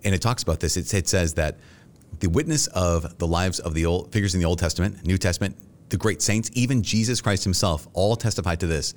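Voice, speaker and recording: A man's voice: sits low, fairly quick. A middle-aged man, a Catholic priest, answering interview questions in an earnest, reflective way and acting out his own past thoughts. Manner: earnest and reflective, with animated self-quotes.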